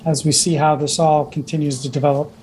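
Tabletop GM, casual narration, hesitant and filler-heavy, mid pitch. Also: little pitch movement, brisk, a little mellow, a little hiss or hum, poor audio. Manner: rambling, hesitant with many fillers. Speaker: game master.

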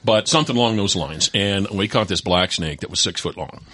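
A man's voice: deep voice, fairly quick. A man telling a childhood story as a guest, acting out the voices of the people in it. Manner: lively, acts out voices in his stories. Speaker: distillery co-founder guest. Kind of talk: animated storytelling.

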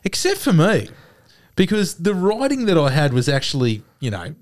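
A self-mocking Australian man spinning casual podcast stories with frequent chuckles. His pitch swings widely and animatedly as he talks. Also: wildly swooping pitch, moderate pace. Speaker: podcast co-host. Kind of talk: casual banter.

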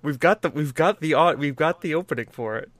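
A man hosting a podcast, chatting casually in an animated, sweary way with frequent restarts. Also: on the high side, brisk, no room sound. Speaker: podcast host.

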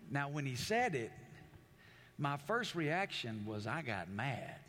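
A man's voice: medium pitch, sing-song, takes it slowly, fairly bright tone. A man preaching a sermon as pastor, speaking emphatically, repeating and restarting phrases, and putting questions straight to his congregation. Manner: addresses the congregation directly with questions.

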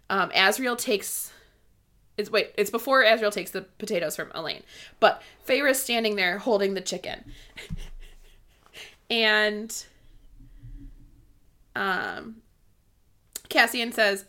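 A woman's voice: medium pitch, bright, forceful tone. A young woman co-hosting a casual book discussion, bubbly and laughing often as she reads passages aloud. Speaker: podcast co-host.

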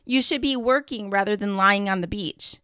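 A woman's voice: medium pitch, normal speed, sharp tone, clear, resonant tone, dry recording, clean studio sound, close to an everyday voice. Woman reading as a pushy, angry businessman. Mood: lecturing. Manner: insistent, lecturing, growing angrier. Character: pushy, irritable businessman, adult male. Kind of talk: storybook read-aloud.

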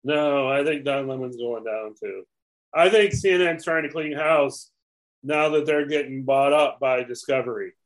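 A man co-hosting a podcast, talking in an even, matter-of-fact way. He answers in short agreeing replies in casual chat. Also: mid-range voice, normal speed, low-quality recording. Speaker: podcast co-host.

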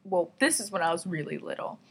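A woman's voice: lowish voice, lively intonation, quick pace, gravelly, slight background noise. A young woman hosting a podcast, telling a story in a chatty way, full of fillers and laughs. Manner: chatty, giggly, lots of "like" fillers. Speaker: podcast host. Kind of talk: casual storytelling.

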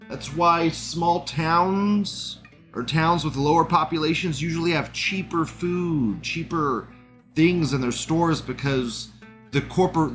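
A man's voice: on the high side, a bit bright. A man hosting a live show, talking in a casual, sarcastic and profane commentary style, with frequent laughs.

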